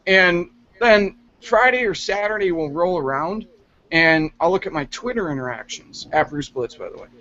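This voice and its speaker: A man's voice: high voice, fairly bright tone. A man reviewing a wrestling show in casual, profane chat, rambling and laughing often. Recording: dull lo-fi recording.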